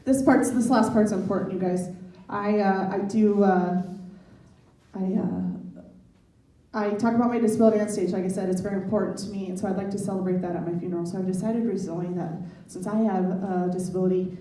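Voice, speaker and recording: A woman's voice: mid-range voice, brisk. Woman doing stand-up in echoey room. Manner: deadpan dark jokes with repeated asides to the crowd. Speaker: comedy showcase host and stand-up comic. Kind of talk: stand-up comedy set and hosting. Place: library event room with live audience. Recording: echoey room miked from far off, crowd.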